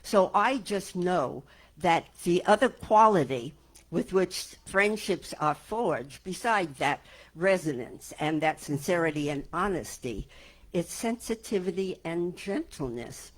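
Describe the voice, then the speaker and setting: A woman minister speaking to her congregation in a calm, earnest and reflective way. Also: on the low side, unhurried. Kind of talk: reflective sermon talk. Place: church sanctuary before a congregation.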